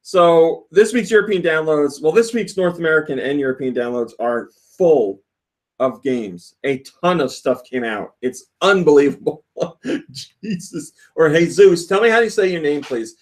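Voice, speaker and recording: A man's voice: a little high, lively intonation, moderate pace. A man hosting a casual podcast, reading listener comments aloud and laughing often. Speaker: podcast host.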